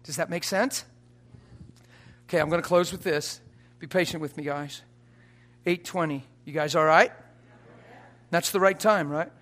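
Emphatic higher-voiced male preacher. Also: unhurried, long pauses. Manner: emphatic, swings between soft asides and loud exhortation; laughs often and prods the audience with "come on". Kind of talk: sermon. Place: church or conference hall before a live audience.

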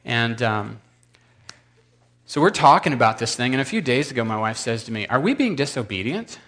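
A man's voice: medium pitch, big pitch swings, moderate pace, fairly bright tone. A man in his thirties telling a rambling, self-deprecating story to a congregation. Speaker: preacher.

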